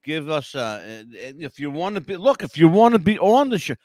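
A man's voice: fairly high pitch, big pitch swings, brisk, a little mellow, no room sound. A man in his sixties hosting a podcast, talking in a laid-back, teasing way. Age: 60s. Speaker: podcast host. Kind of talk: casual chat.

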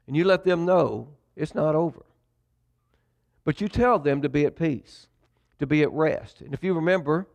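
A man preaches a sermon, slipping into a conversational storyteller's tone with dramatic pauses. His voice sits a little high for a man and has a gravelly edge. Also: darkish tone. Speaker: pastor.

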